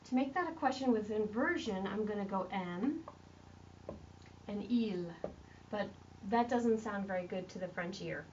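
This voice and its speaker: A woman's voice: medium pitch, fairly quick, slight background noise. A woman French teacher who explains questions step by step while writing on a board in a classroom. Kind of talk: classroom grammar lesson. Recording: distant lo-fi classroom recording.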